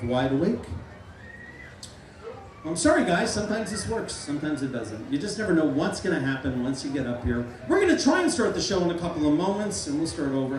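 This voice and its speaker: A middle-aged man working as a stage hypnotist at a live comedy show, playfully giving loud, repeated suggestions to volunteers. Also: fairly high pitch, noisy background. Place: large fair tent. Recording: echoey tent, mic heard from far.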